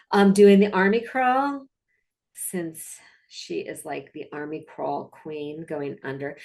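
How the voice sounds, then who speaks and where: A woman dog trainer narrating her video clips in a casual, chatty, upbeat way, with fillers and asides. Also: mid-range voice.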